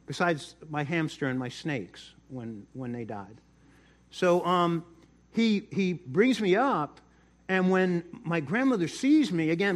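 A man's voice: high voice, a bit bright. A middle-aged man preaching a sermon, telling a personal story in a chatty way and often repeating words. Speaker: pastor.

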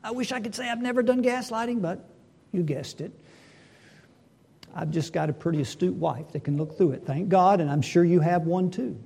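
A middle-aged man preaching a sermon, swinging between emphatic and hushed delivery. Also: high voice, moderate pace, gravelly, husky. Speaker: pastor.

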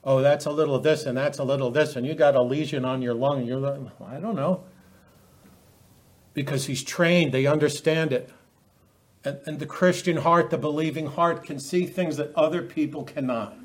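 Halting, higher-voiced male preacher. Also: steady tone. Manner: halting, repeats words, quotes scripture with rising emphasis. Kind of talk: sermon.

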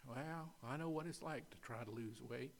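A middle-aged man with a West Kentucky accent preaching a sermon, dropping to near-whispers in personal stories and rising to loud exhortation. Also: medium pitch, moderate pace, creaky, slight background noise. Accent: Western Kentucky. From Western Kentucky. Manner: swings from quiet confessional tones to loud exhortation.

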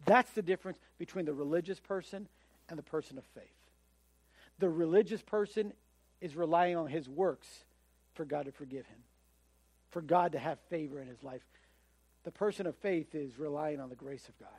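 A man's voice: fairly high pitch, normal speed, darkish tone, slightly rough, dry recording. A man preaching a sermon in a conversational way, often acting out the voices of the people he quotes. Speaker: pastor.

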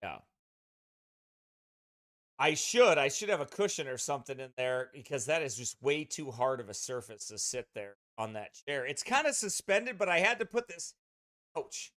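Rambling pastor chatting into a dry mic. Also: male voice, mid-range voice, sing-song, normal speed, fairly bright tone, no room sound. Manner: rambling, chatty, with many restarts. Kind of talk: casual chat with a streaming congregation. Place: at a desk beside his streaming computer. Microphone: streaming mic close at his desk.

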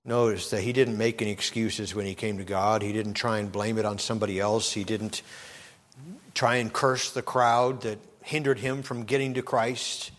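A middle-aged male pastor preaching a sermon, swinging from low, earnest talk up to loud, impassioned outbursts. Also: little pitch movement, moderate pace. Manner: preacherly, rises to loud impassioned shouts when quoting.

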